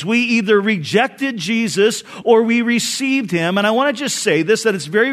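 A male pastor tells a personal story earnestly during his sermon, his voice dropping soft and low for memories.

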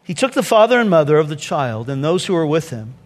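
A man with a high, light voice preaches a sermon, dropping to hushed, soft lines and then breaking into quick, conversational asides. His voice carries a long reverb from a large church hall. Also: sing-song. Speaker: pastor. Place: church sanctuary.

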